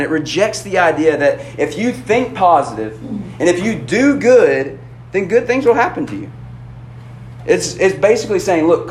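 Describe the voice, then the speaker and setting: A youth pastor with a fairly high voice preaches in an easy, conversational way, restarting his sentences and sprinkling in "like" and "man". The sound is echoey, as in a church hall, with faint room noise underneath. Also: a little mellow. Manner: casual and conversational, with frequent "like" and "man" and quick restarts. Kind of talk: lively youth sermon.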